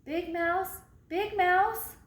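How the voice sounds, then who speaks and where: A small, wide-eyed young mouse, put on by a woman reading aloud, calling out in a high, pleading voice. His pitch leaps around as he begs and frets in an echoey room with faint noise behind. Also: sing-song, a little slow, a bit bright, exaggerated voice. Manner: pleading, calls out repeatedly.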